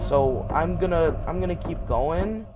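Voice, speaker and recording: A fairly high-pitched man talks his way through a horror game, chatting to its creatures and swearing when they scare him. Clear background noise runs under the whole recording. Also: animated, a little slow, lo-fi sound. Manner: jumpy, swears often, talks to game characters. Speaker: gaming YouTuber. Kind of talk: horror gameplay commentary.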